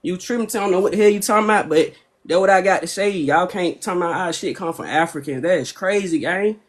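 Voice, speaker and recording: A man's voice: high-pitched, quick pace. A man in a heated live debate, slangy and confrontational, firing off rhetorical questions. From Atlanta, US.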